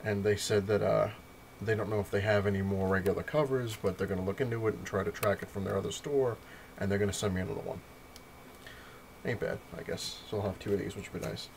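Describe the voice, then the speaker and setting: Rambling low-voiced guy recapping comics. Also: fairly even intonation, fast talker, gravelly, a little hiss or hum. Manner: rambling, self-correcting, swears freely. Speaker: comic collector reviewing his haul. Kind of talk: casual vlog recap.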